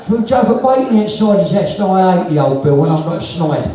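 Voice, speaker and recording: A man's voice: high voice, expressive, brisk, warm tone. A man with a London accent telling earthy, swear-filled stories on stage, acting out the dialogue himself. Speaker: punk musician guest. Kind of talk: live on-stage storytelling chat. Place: live music venue with audience. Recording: echoey venue from far off.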